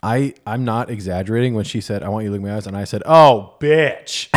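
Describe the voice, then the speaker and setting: A man's voice: lowish voice, steady tone, very fast, a little mellow. A man co-hosting a podcast, telling a story in casual chat, wry and laughing often, swearing freely. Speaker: podcast co-host.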